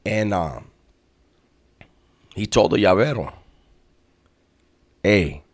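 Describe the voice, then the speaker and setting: Deep-voiced man telling a prison story. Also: expressive, unhurried. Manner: street slang, frequent throat clearing, tag questions. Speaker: storyteller recounting prison life. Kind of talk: casual storytelling.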